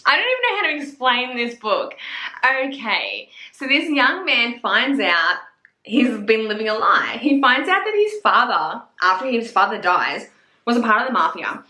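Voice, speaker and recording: A woman's voice: on the high side, bright, forceful tone, reverberant. A woman chatting casually as a book reviewer, gushing and swearing freely. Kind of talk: casual chat.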